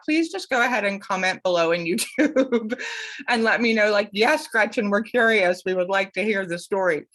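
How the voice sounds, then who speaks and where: A woman who works as an academic coach, talking casually to camera as the host of her show. She talks expressively, with wide swings in pitch and frequent laughter. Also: a bit bright.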